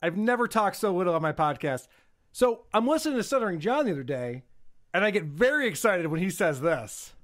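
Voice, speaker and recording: A man's voice: sits high, big pitch swings, brisk. A man hosting a podcast, joking and mocking in casual banter. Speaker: podcast host.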